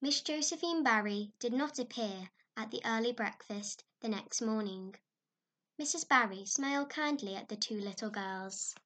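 A woman narrating a classic storybook in an expressive, animated way. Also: fairly high pitch, normal speed.

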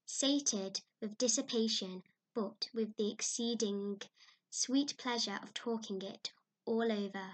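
Expressive woman narrating a storybook. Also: a little high, takes it slowly. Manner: expressive and animated.

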